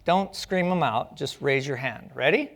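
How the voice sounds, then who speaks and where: A man's voice: mid-range voice, expressive, measured pace, creaky, very noisy. A man giving a public lecture on stage, telling stories with a playful, joking manner. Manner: playful storytelling with jokes. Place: stage at a community arts center.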